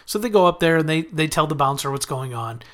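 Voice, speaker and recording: A man's voice: fairly high pitch, lively intonation, fast, fairly bright tone. A man casually recapping a TV episode as a podcast host, chatting through the plot and quoting the characters in his own voice.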